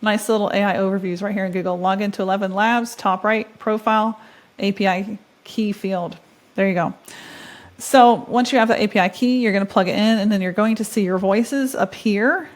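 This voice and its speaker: A woman's voice: medium pitch, fairly even intonation, normal speed. A woman in her thirties hosting a casual screen-share tutorial, chatty and upbeat, thinking aloud as she clicks through steps. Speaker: tutorial host.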